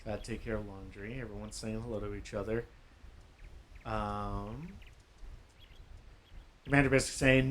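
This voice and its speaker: A man's voice: on the low side, measured pace, long pauses. A man co-hosting a game stream, casually reading out viewer comments and chatting. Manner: relaxed, reads viewer comments aloud. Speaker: co-host reading chat.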